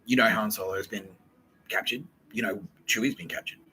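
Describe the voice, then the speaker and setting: A young man hosting a podcast, rambling through a profane, excitable solo monologue that jumps from idea to idea. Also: fairly low pitch, husky, poor audio. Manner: profane, excitable, fast-shifting and digressive. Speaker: podcast host.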